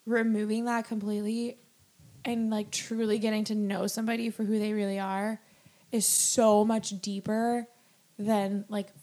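A woman's voice: medium pitch, flat delivery, moderate pace, warm tone. A young woman co-hosting a casual chat, telling stories with lots of fillers and frequent giggles. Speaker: podcast co-host.

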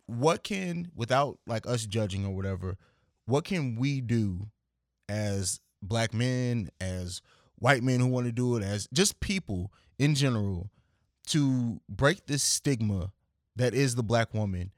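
A man's voice: mid-range voice, expressive, unhurried, dry recording. Man hosting, dry close sound. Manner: loose, searching questions with fillers. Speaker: podcast host. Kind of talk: casual interview.

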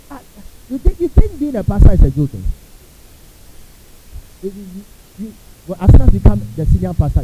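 Here a male pastor with a highish, slightly rough voice gives a spirited sermon, performing quotes aloud and asking the crowd questions. The sound is tinny, like a phone, with a little background hiss.

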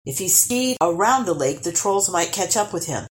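A woman reading a children's storybook aloud, expressive and lively. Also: fairly low pitch, normal speed. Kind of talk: storybook read-aloud narration.

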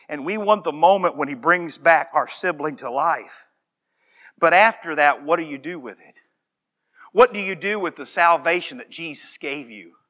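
Bright-voiced preacher building to shouts. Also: male voice, on the high side. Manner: builds to impassioned shouting, then drops quiet and earnest; reads scripture aloud slowly. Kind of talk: sermon.

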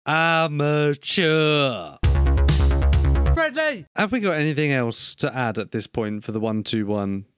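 A man's voice: lowish voice, sing-song, brisk, hardly any pauses, clear, resonant tone, soft background music. A man co-hosting a casual gaming podcast, teasing his partner in a dry way and swearing. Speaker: podcast co-host.

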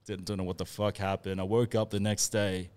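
A man's voice: sits low, little pitch movement, brisk, a little mellow, clear, resonant tone. A man with an Australian accent, telling a rowdy, laughing anecdote as a podcast co-host. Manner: laughing, swearing, rambling anecdote. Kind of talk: casual storytelling among mates.

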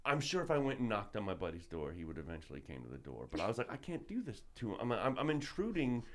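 A man's voice: fairly low pitch, fast talker. A man telling a long, profane story in casual podcast chat, acting out his own reactions. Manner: profane, animated storytelling with voiced asides.

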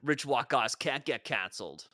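A man's voice: medium pitch, expressive, normal speed, sharp tone, no room sound, studio quality. A man playing a dim, laid-back young male festival bro in a comedy sketch, with drawling slang. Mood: cocky. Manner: drawling surfer-style slang.

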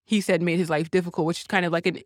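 A woman talking casually about a film, thinking out loud with lots of restarts and hedging. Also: on the low side, level tone, racing, dry recording, clean studio sound. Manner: thoughtful, rambling, many restarts.

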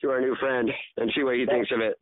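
A man's voice: mid-range voice, level tone, quick pace, no echo. A man co-hosting a podcast in loose, rambling casual chat, laughing often. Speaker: podcast co-host. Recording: tinny phone-like sound.

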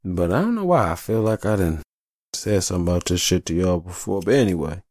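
Deep-voiced man rambling on his podcast. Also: brisk, no echo, clean studio sound. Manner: profane, rambling, animated storytelling. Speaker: podcast host. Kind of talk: casual rambling monologue.

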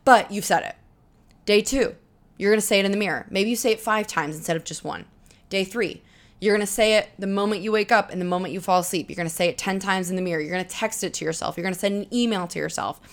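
A woman's voice: medium pitch, fast talker. A young woman in her twenties hosting a solo podcast, talking earnestly and encouragingly, straight to the listener about changing your mindset. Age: 20s. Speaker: podcast host. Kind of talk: solo motivational podcast talk.

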